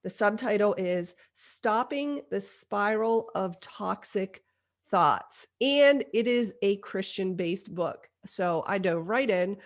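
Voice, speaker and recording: A woman's voice: medium pitch, slow. A woman podcast host in her forties telling a personal story in a candid, self-deprecating way. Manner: self-deprecating, confessional, lively retelling.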